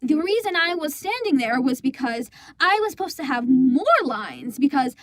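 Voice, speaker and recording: A woman's voice: high-pitched, big pitch swings, normal speed, a little hiss or hum. A woman voicing an indignant teenage girl who rambles through a story, exasperated and swearing freely, for a fan comic dub. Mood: rambling. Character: indignant teenage girl recounting a school play disaster.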